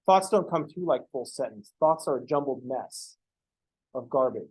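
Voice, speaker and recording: A man's voice: medium pitch, animated, moderate pace, darkish tone, slightly rough, low-quality recording. A man teaching a math class, lecturing casually and going off on joking, rambling asides to his students in a classroom. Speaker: math professor.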